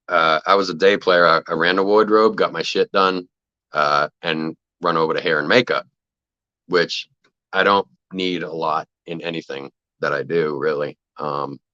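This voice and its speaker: A man telling animated set stories on a podcast, swearing freely and acting out what others said. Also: deep voice, no room sound, muffled recording. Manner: animated anecdotes, acts out quoted voices, swears freely. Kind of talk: casual podcast storytelling.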